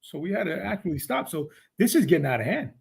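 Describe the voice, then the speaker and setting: A man with a husky, somewhat high voice speaks as a podcast guest, a retired undercover officer. He answers in a casual, conversational way and keeps circling back with "I mean". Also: big pitch swings, fast. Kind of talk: interview answers.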